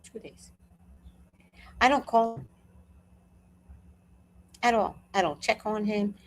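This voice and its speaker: A woman speaking slowly in a mid-range voice hosts a live talk from home. Her chat is casual, animated, and full of profanity as she tells a personal story, acting out the quotes of the people involved.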